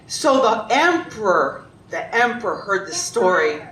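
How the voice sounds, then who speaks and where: A woman telling a story to children in an animated way, asking them questions as she goes. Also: measured pace. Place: congregation hall. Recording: roomy, distant, faint rumble.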